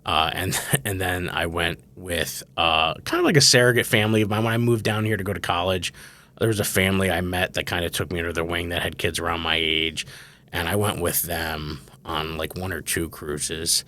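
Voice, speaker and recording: A man's voice: low-pitched, normal speed. A man in his thirties hosting a podcast, chatting casually and telling comic stories, acting out the voices of the people he quotes. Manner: animated storyteller, acts out quotes. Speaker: podcast host. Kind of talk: casual comedic chat.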